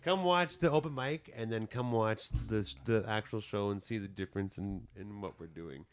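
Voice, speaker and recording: A man co-hosting a comedy podcast, chatting casually, chiming in with jokes and rattling off show plugs. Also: on the low side. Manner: joking interjections, quick promo patter.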